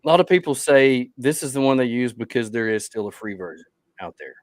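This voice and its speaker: A man's voice: medium pitch, lively intonation, a little fast, dry recording. A tired man co-hosting a podcast, chatting casually and rambling as he loses his train of thought. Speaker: podcast co-host.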